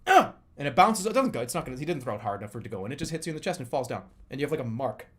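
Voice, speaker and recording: Animated man in his thirties, rambling. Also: mid-range voice, very fast. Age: 30s. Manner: rambling, profane, animated storytelling. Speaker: streamer. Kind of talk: casual live-stream chat.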